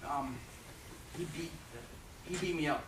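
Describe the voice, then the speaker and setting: Irish guy telling funny stories, high-ish voice, echoey hall, mic far away. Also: measured pace, heavy background noise. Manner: energetic, joking, animated. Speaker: guest speaker. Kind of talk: comic storytelling talk. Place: university lecture hall.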